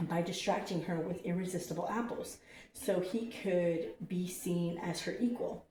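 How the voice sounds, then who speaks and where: A woman's voice: fairly low pitch, a little slow, warm tone. Chatty woman reading cards in a roomy space. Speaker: host reading oracle cards. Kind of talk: casual card-reading livestream. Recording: roomy, distant from the mic with faint noise.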